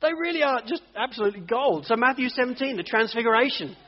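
A man preaching a sermon, telling stories with animated, acted-out voices. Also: extremely high pitch, fast talker. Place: church hall. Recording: dull audio, long church reverb.

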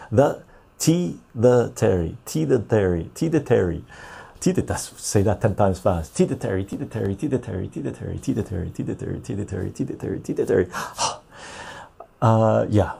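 A man's voice: on the low side, creaky, warm tone, husky. A middle-aged man from the West Coast of Canada, hosting a casual livestream podcast and answering viewer chat aloud. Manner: reads viewer chat aloud and answers loosely, with frequent fillers. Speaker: podcast host.

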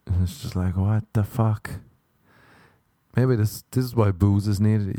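A young man holds forth in a loose, rambling monologue, swearing freely and laughing at his own stories. His voice sits low and dark, with a relaxed, mellow tone. He has the easy timing of a stand-up comedian. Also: unhurried, dry recording.

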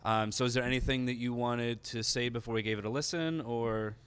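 A man's voice: medium pitch, fairly even intonation, a bit bright, clear, resonant tone. A male podcast host, enthusiastic and casually swearing in an interview. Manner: enthusiastic, swears casually, quick filler-heavy talk.

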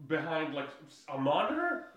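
A man's voice: fairly high pitch, wildly swooping pitch, normal speed, fairly bright tone, recorded from a distance, dull audio. A man recapping a movie in casual podcast chat, rambling with many fillers and laughing often. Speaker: podcast co-host. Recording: echoey room, voice off-mic.

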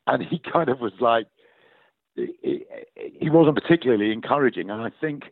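A middle-aged actor from Northern England, chatting casually as an interview guest and telling stories with frequent laughs. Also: male voice, medium pitch, fast talker, dry recording. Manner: animated storytelling, laughs often. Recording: tinny phone-like line, dry.

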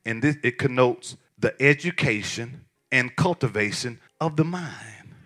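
A man preaching a sermon as pastor, lively and repetitive, with laughs and shouted emphasis. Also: mid-range voice, measured pace.

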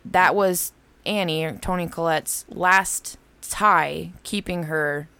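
A woman's voice: on the low side, slow, creaky, sharp tone, smooth, no room sound. A woman chatting casually about a horror film, saying "like" constantly and swearing while giving her opinions. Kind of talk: casual movie discussion.

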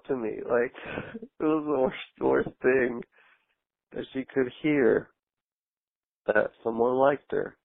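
A man's voice: mid-range voice, takes it slowly, gravelly, pauses often, no room sound. A man leaving a rambling, chatty voicemail for a call-in show. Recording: tinny phone line, dry.

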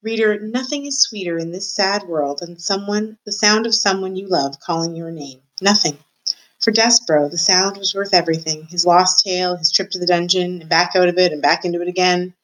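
A woman's voice: lowish voice, moderate pace, fairly bright tone, poor audio. A woman reading a children's novel aloud, telling it expressively and voicing the characters herself. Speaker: reader.

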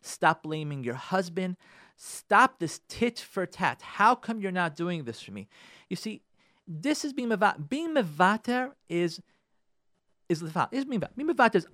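A man's voice: high voice, sing-song, normal speed, bright, forceful tone, dry recording, clean studio sound. A middle-aged man hosting a radio show, giving an emphatic inspirational religious talk that repeats phrases and speaks straight to listeners.

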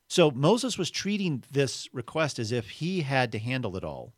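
A man, an author, talking earnestly on a faith podcast and retelling stories with lively voiced quotes. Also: mid-range voice, normal speed, dry recording, studio quality. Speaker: author and guest.

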